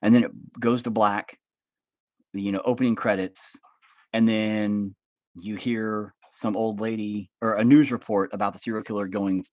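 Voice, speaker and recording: Rambling, low-voiced man on a livestream. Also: flat delivery, moderate pace, darkish tone, no echo. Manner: rambling, filler-heavy, profane. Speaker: livestream host. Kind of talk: casual pitch of a film idea.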